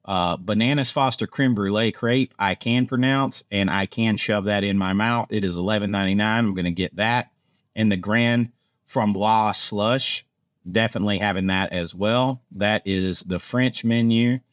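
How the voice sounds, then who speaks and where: A man's voice: fairly low pitch, moderate pace, no echo, studio quality. Chatty man reading menus. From Georgia, USA. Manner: chatty, self-deprecating, stumbles over foreign words. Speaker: theme park vlogger. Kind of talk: casual menu rundown.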